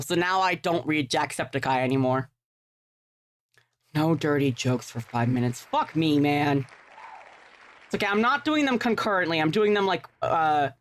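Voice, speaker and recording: A woman's voice: sits low, expressive, moderate pace. Rambling, chatty woman streamer. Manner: rambling, chatty, self-deprecating, swears casually. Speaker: livestreamer. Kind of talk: casual live-stream chat while gaming.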